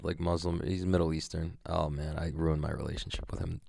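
Rambling through a casual vlog about his competition day, a young grappler curses freely and leans heavily on "like" and other fillers. He talks fairly quickly in a level, gravelly bass with a darkish tone, and the studio recording is clean and dry.

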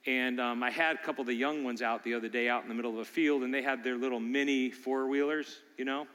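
An older man preaching a sermon, shifting between loud urging and soft storytelling. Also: medium pitch, steady tone, fast, long reverb tail. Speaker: pastor.

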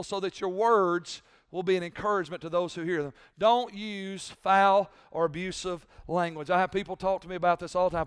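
Male pastor, sermon delivery, resonant and bright-pitched, repetitive and forceful. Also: steady tone, brisk, few pauses, smooth, no room sound, clean studio sound. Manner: preaching with rising, shouted emphasis and repetition.

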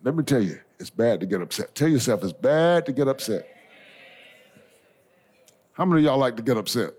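Impassioned preacher man, lively swooping voice. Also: medium pitch, brisk, slightly rough. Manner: call-and-response preaching, swings from soft asides to shouted climaxes; folksy, addresses the congregation as y'all and baby. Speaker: bishop preaching. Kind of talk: sermon. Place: church sanctuary before a congregation.

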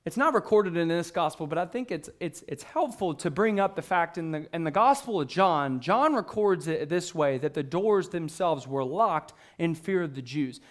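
High-voiced man preaching a sermon. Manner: conversational preaching with frequent restarts and fillers; acts out the disciples' excited questions. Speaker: pastor.

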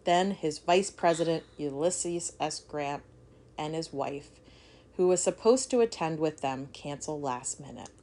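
A woman's voice: low voice, unhurried, mellow. A woman co-hosting a podcast, reading a history story aloud and breaking off to joke and swear. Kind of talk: casual storytelling chat.

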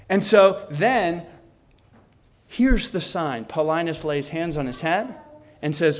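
A man lecturing on history, telling the story with energy and acting out the quoted lines. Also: normal speed. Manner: storytelling, acts out quotes with shifts in pitch.

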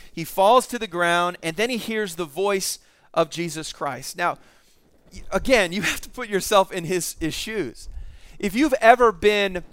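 A man's voice: sits high, fairly bright tone, clean tone, no room sound. A middle-aged male pastor preaching a sermon, telling the story with animation and acting out the voices in it.

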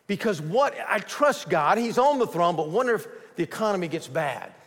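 A man preaching a sermon as pastor, rising to forceful emphasis and sinking low and quiet to voice a doubter. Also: sing-song, moderate pace, big-room sound.

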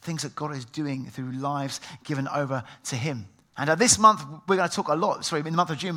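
Here the pastor's pitch runs fairly high, with a pushed, bright quality. This middle-aged man is delivering a sermon, narrating stories and performing the voices of their characters.

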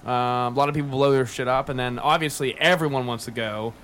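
A man's voice: mid-range voice, steady tone, fairly quick, fairly bright tone, a little hiss or hum. A young man, hosting a casual podcast chat, rambling, swearing and laughing often.

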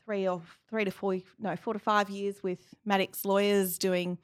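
A woman answering interview questions in an office, speaking with many pauses and restarts. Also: mid-range voice, level tone, smooth. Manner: halting, many fillers and restarts. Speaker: guest, industry chief executive. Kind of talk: casual interview talk.

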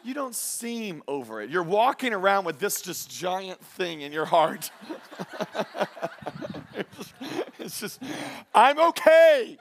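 A man preaching a sermon with a high voice. He talks in an animated, joking way and acts out the voices of the people he quotes. He sounds like a pastor speaking to his congregation. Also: takes it slowly, gravelly, long pauses, a little hiss or hum.

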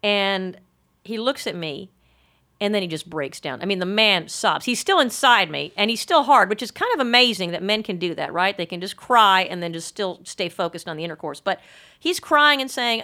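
A woman's voice: medium pitch, animated, normal speed, bright, forceful tone. A woman delivering a rambling comic monologue in a mock-earnest, frank and crude way.

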